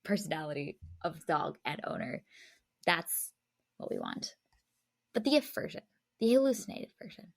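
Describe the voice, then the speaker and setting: A woman's voice: low-pitched, wildly swooping pitch, normal speed, creaky, pauses often. A woman co-hosting a film podcast, chatting casually, laughing often and reading the show's sign-off. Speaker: podcast co-host. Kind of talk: casual chat.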